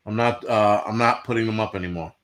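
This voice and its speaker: A man's voice: fairly low pitch, fairly even intonation, fast, a bit bright. A man hosting a livestream, ranting bluntly and profanely to his chat in casual talk. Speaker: livestream host.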